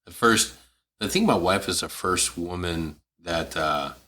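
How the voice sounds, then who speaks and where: Low-voiced man joking crudely about himself. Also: unhurried, pushed and bright. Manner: crude self-deprecating humor, laughs often. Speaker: podcast co-host. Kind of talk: casual chat. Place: studio.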